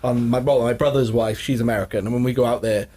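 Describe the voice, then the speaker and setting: A man's voice: medium pitch, steady tone, fast, warm tone, slightly rough. A young man co-hosting a casual podcast, telling family stories and laughing often. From Wales. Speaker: podcast co-host. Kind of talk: casual chat.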